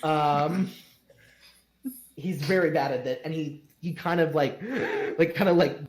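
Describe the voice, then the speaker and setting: A man's voice: fairly high pitch, fairly even intonation, measured pace, reverberant. A man narrating as game master in a tabletop game, rambling with fillers and laughing along.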